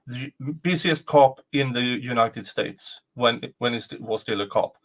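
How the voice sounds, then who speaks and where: A man's voice: medium pitch, unhurried, few pauses, a bit bright. A man with a Swedish accent giving casual, sarcastic commentary, exasperated and full of restarts. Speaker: YouTube commentator.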